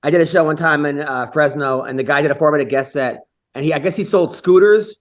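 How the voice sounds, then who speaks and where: A man with a notably high voice co-hosts a podcast. He rattles off quick, animated anecdotes in a casual, chatty way. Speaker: podcast co-host. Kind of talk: casual chat.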